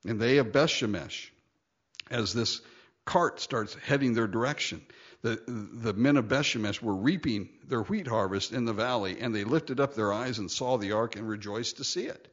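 A man preaching a Bible-teaching sermon, chatty and animated, often laughing and acting out quoted lines. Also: mid-range voice, moderate pace, lo-fi sound. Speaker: pastor.

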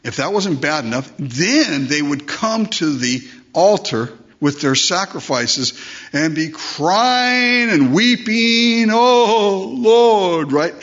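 A man's voice: fairly high pitch, a bit bright. A man preaching a conversational sermon, asking rhetorical questions and acting out the voices he quotes. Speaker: pastor. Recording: dull lo-fi sermon recording.

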